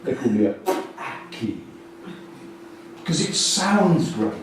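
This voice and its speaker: Man, conference speaker, lively swooping voice, fairly high, far off in a very echoey hall, faint hiss. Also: moderate pace. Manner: animated, jokey and blunt, with sudden loud bursts. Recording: distant echoey hall recording with faint noise.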